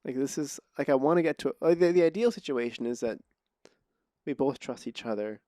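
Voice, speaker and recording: A Los Angeles podcast host with a medium-pitched, expressive, warm voice talks briskly in casual conversation. The recording is dry with clean studio sound. He rambles, trailing off and restarting his sentences often.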